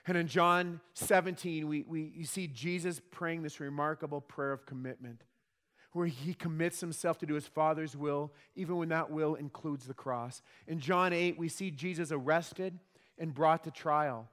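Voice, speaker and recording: A man's voice: a little high, fairly even intonation, moderate pace, a bit bright. A man preaching a sermon with emphatic delivery and rhetorical questions. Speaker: pastor. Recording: long hall reverb.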